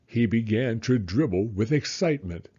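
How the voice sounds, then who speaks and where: A man reading a children's story aloud, with a lively, swooping delivery. His voice is husky and mellow, and the recording sounds slightly dull. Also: on the low side, moderate pace. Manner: expressive, dramatic.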